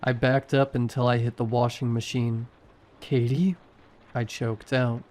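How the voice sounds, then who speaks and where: A man reading a horror story aloud in a slow, measured way. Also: mid-range voice, flat delivery, darkish tone. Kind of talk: scripted horror narration.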